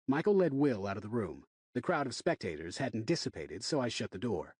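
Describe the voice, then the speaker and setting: A male audiobook narrator reading a dark thriller in first person, his pitch moving lively through each line. The voice is husky and mid-range, recorded dry in a booth. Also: brisk, few pauses, no echo.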